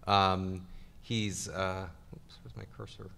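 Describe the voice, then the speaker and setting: Low-voiced male moderator, thoughtful, agreeable. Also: level tone, slow pace, gravelly, bright, forceful tone. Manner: thoughtful questions, agreeable, hesitant. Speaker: panel moderator. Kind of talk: panel interview. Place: convention panel room.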